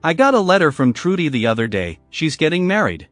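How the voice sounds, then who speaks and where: A man narrating a first-person story in a scripted, measured storytelling manner. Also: fairly high pitch, sing-song, a bit bright, no room sound, soft background music.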